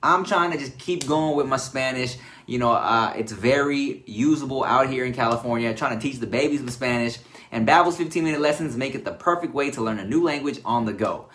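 Man, podcast ad read, casual, conversational asides, mid pitch. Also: fairly quick, fairly bright tone, a little hiss or hum.

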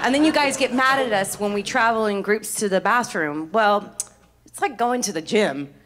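A woman from Miami doing stand-up comedy, brash and animated, swearing freely on a live stage mic. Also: medium pitch, moderate pace, background noise. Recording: live stage mic with loud crowd laughter.

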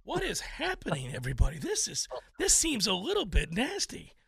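A man's voice: high voice, huge pitch swings, moderate pace, creaky, fairly bright tone, breathy edge, no room sound, studio quality, heavily acted. A man voicing a flustered, anxious older male sports executive who talks in a fretful, pleading way.

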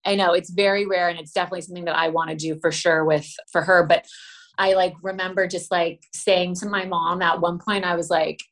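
Effusive pregnant woman, low voice. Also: fairly even intonation, fairly quick, a bit bright. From Los Angeles, USA. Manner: effusive, acts out quoted exchanges. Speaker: guest. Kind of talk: casual chat.

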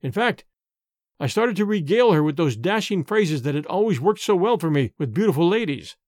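A man's voice: sits high, fairly quick, no echo, studio quality. A man giving a dramatic audiobook reading of a gothic story, voicing the characters' lines with feeling. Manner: expressive, voices the characters' lines.

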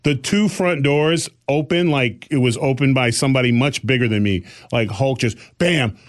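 A man co-hosts a casual podcast and spins a long, animated anecdote. His voice sits at an ordinary middle pitch. He slips into the voices of the people he describes as he goes. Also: normal speed. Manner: animated storyteller acting out voices. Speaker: podcast co-host. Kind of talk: casual chat.

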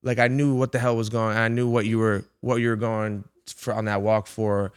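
A man in a casual podcast conversation, reflecting haltingly, searching for words and swearing casually. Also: lowish voice, little pitch movement, clear, resonant tone, no echo, studio quality.

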